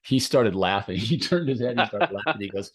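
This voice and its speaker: A man's voice: fairly quick, slightly rough. A man in his fifties, hosting a podcast chat, telling stories and acting out other people's lines. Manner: animated, acts out quotes with big pitch jumps. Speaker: host and jump coach. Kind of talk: casual storytelling chat.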